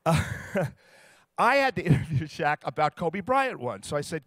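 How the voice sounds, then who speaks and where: A man who interviews athletes, giving a comedic speech to a live audience. He tells his stories in a lively way and builds each one up to a punchline. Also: on the high side, moderate pace, dry recording. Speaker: sports interviewer telling stories.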